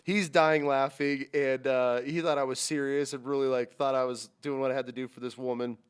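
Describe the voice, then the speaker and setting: Animated storytelling hunting guide, a man. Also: fairly quick, clean tone. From Utah. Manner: animated, swearing, acts out quotes with big pitch jumps and whispers. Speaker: hunting guide, podcast guest. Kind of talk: casual storytelling.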